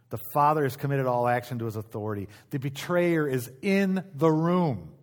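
A middle-aged male pastor delivering a sermon in a church auditorium. He talks in an easygoing, conversational way at an ordinary pitch, repeating his key phrases and often restarting mid-sentence. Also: darkish tone.

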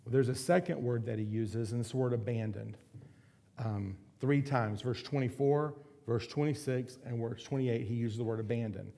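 A middle-aged man preaching a sermon, earnest, slowing down and going soft to drive points home. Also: mid-range voice, gravelly. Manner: earnest, slows and softens for emphasis. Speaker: pastor.

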